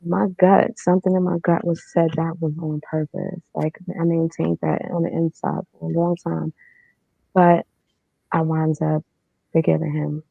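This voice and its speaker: A woman's voice: low voice, flat delivery, a little slow, creaky, no room sound. A woman telling her own story as a guest, in a candid, matter-of-fact way with casual fillers. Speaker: podcast guest. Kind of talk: personal storytelling. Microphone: remote streaming setup. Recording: dull lo-fi online stream.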